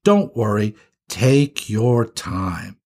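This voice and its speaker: A man's voice: fairly low pitch, lively intonation, very slow, exaggerated voice. A man voicing a caring big-brother skunk. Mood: gentle, instructive. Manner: patient, turns into frantic shouting.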